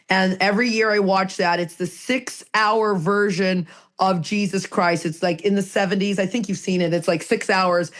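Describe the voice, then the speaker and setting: A woman co-hosting a podcast, talking in an earnest, emphatic way and repeating phrases for effect. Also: mid-range voice. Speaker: podcast co-host. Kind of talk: casual recovery podcast talk.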